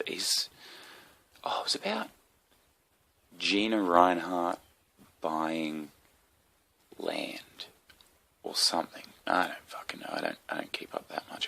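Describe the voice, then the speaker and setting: A man's voice: low-pitched, gravelly, pushed and bright, husky, no room sound. An Australian man with a sick, coughing voice, hosting a rambling solo comedy podcast full of swearing and asides.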